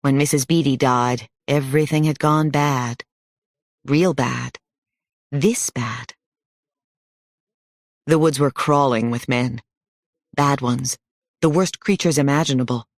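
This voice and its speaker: A man's voice: medium pitch, no room sound. Man narrating an audiobook, dry sound. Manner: steady, measured storytelling.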